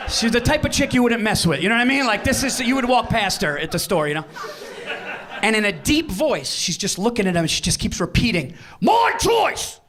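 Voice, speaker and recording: A man doing a stand-up comedy set in a live venue, brash and profane, shouting his punchlines. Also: high-pitched.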